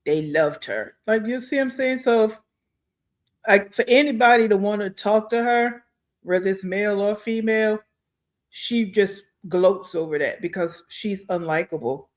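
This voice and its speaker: A man's voice: high-pitched, moderate pace. A man giving blunt, scornful commentary as host of a reaction video.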